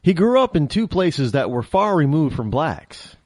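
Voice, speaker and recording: A man's voice: a little high, sing-song, moderate pace, darkish tone, no echo, clean studio sound. A man hosting his own talk show, delivering a rambling, opinionated monologue with many restarts and fillers.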